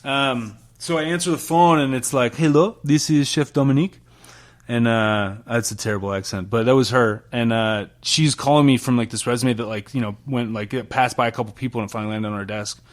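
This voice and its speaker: A man's voice: medium pitch, a little fast, hardly any pauses. A man in his thirties from Utah, a chef telling stories casually in an interview, with lots of fillers and the odd swear. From Salt Lake City, Utah. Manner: relaxed storytelling, many fillers, laughs and swears. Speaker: chef, podcast guest.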